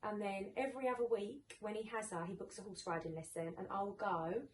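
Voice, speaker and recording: A woman's voice: mid-range voice, fairly even intonation, fairly quick. A woman hosting a parenting podcast, chatting candidly and animatedly, swearing freely and acting out other people's voices. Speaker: podcast host, mum. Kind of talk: casual chat. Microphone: distant mic in an echoey room. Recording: roomy echo, distant mic, faint noise.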